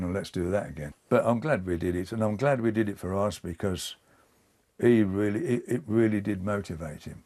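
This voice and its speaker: An older man, giving a hesitant, halting interview and often repeating words. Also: on the low side, mellow. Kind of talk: reflective casual interview.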